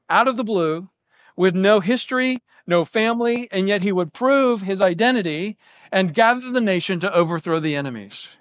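Male Bible teacher, high voice, explanatory and methodical, dry close recording. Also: no echo. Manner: explanatory, lays out options step by step.

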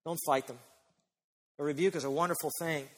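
A man preaching a sermon as pastor, emphatic, slowing down and stretching key phrases. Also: on the high side, steady tone. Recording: long hall reverb.

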